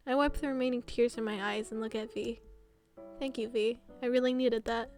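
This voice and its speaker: A high-voiced woman streamer narrating a visual novel live on stream. She reads with animated energy and gets flustered easily. Faint music plays behind her. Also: fairly quick.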